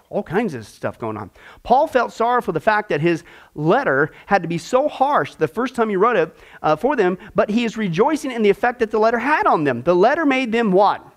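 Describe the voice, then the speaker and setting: Guy teaching a bible class, high voice, swings up and down a lot, acts stuff out. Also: moderate pace. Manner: animated, acts out voices, rhetorical questions.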